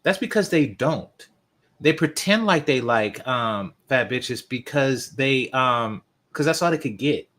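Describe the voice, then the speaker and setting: A man's voice: mid-range voice, animated, a little slow, fairly bright tone. A man hosting a reaction video, commenting with open scorn over a clip. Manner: scornful, mocking.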